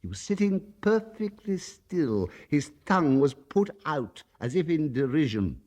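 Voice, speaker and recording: A man narrating a dark holiday story in a measured, dramatic way. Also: a little high, sing-song. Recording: reverb with music behind.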